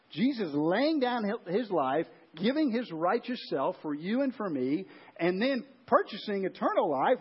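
A man preaches a sermon in a high, slightly husky voice. He speaks conversationally, putting questions to the congregation and often restarting his sentences. The recording sounds dull and lo-fi. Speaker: pastor.

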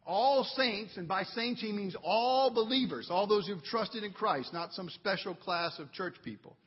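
A man's voice: high-pitched, unhurried, breathy edge, big-room sound, dull audio. A man preaching a sermon as pastor in a church, earnest and building to fervent emphasis. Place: church sanctuary.

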